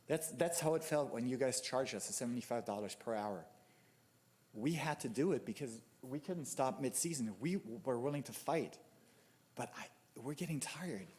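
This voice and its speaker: A man's voice: mid-range voice, a little mellow. A man giving an angry, exasperated public comment at a city commission meeting, stumbling over his words at a podium microphone. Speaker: youth soccer club member speaking at public comment.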